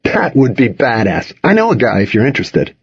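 A man's voice: medium pitch, huge pitch swings, brisk, slightly rough, dull audio, heavily acted. A man voicing a witty, smug teenage boy who talks in a cheerful, wisecracking way.

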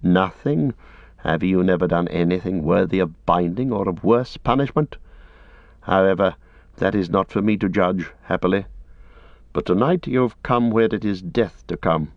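A man gives voice to a grave captain in a storybook reading. He speaks low and deliberately, with formal authority. The recording is close, dry and slightly muffled. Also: dry recording. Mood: stern. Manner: measured, formal and commanding. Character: stern noble male captain, grave and just.

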